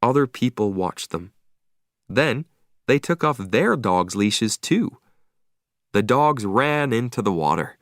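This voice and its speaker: A man narrating an audiobook for language learners in a slow, clear, deliberate reading. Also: mid-range voice, lively intonation, dry recording, studio quality.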